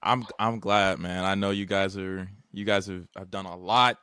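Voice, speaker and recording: A man's voice: low voice, moderate pace, clean tone, no echo, studio quality. Laid-back young male podcast host. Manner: relaxed slangy, rambling questions with restarts. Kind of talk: casual interview.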